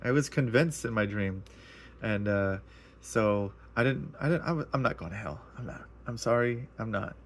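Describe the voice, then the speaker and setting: A man's voice: fairly low pitch, lively intonation, moderate pace. A man casually sharing a personal testimony, earnest and emotional, rambling and repeating himself as he tells it.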